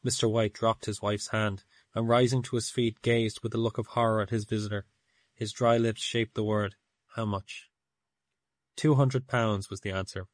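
A man narrating an audiobook in a measured storytelling manner. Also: fairly low pitch, level tone, no echo. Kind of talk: audiobook reading.

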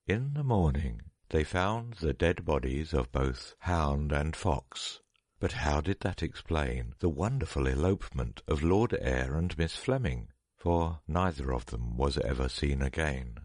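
A man reading a story aloud in a measured, dramatic narration. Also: a bass voice, a little mellow, no room sound, clean studio sound.

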